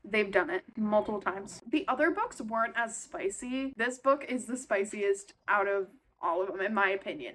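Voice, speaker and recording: A young woman giving an excitable, casual recap of a book she is reading, full of fillers and swearing. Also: medium pitch. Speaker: book vlogger.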